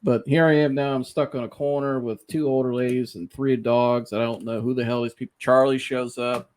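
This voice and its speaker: Telling a comic story on his podcast, a man with a medium-pitched voice speaks fairly quickly. He's relaxed and animated, laughing often and putting on the voices of the people in his story.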